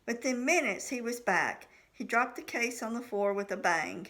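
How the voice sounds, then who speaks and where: A woman's voice: mid-range voice, animated, normal speed, hardly any pauses, a bit bright. A woman reading her own novel aloud in the first person, voicing the dialogue of each character. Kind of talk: audiobook narration.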